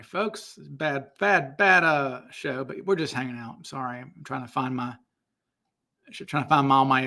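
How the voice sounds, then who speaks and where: A man's voice: on the high side, creaky, bright, forceful tone. A man hosting a casual livestream Q&A, rambling and breaking off to apologize while he hunts for files. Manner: rambling, self-interrupting, apologetic asides. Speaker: host answering viewer questions.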